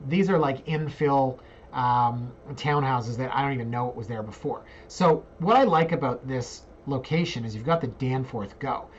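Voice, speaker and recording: Brief: 40s male realtor, chatty and joking, walks viewers through listings, somewhat muffled home mic. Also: a little hiss or hum. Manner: joking, chatty, jumps into squeaky asides. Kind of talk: casual screen-share talk.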